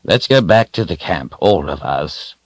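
Man playing grumpy male wizard, extremely deep, husky, slow and dry. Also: animated, dry recording, heavily acted. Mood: grumbling. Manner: grumbling. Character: grumbling male wizard, gruff and thoughtful.

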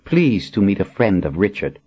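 A man voicing a dry, sharp-tongued elderly woman who is a retired prelate. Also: sits low, sing-song, moderate pace, breathy edge, dull audio, heavily acted.

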